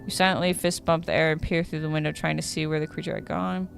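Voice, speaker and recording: Woman streamer with a slightly low voice reading a dating sim aloud, casual and prone to stumbling, faint game music underneath. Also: flat delivery, fast talker, creaky. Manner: reads in a casual tone, stumbles and corrects herself.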